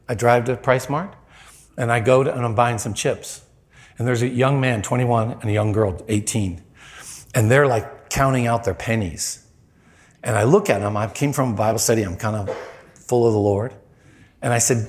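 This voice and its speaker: A man's voice: mid-range voice, normal speed. A middle-aged man preaching a storytelling sermon in a conversational way, acting out the voices in his story.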